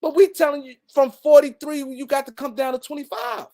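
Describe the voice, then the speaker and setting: A man's voice: very high-pitched, flat delivery, brisk, mellow. Fired-up man ranting about sports. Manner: fired up, repeats points for emphasis, talks to absent players. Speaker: sports commentary host. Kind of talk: heated solo sports rant.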